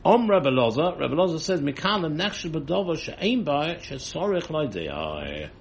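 Guy teaching a talmud class, a bit gravelly, faint noise behind. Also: on the high side, very animated, a little slow. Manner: explains, translating line by line.

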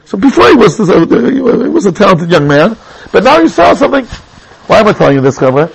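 Middle-aged man, Torah teacher, husky and gravelly, lively storyteller voice. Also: fairly quick, low-quality recording. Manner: animated storyteller with sudden high exclamations. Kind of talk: Torah class with personal stories.

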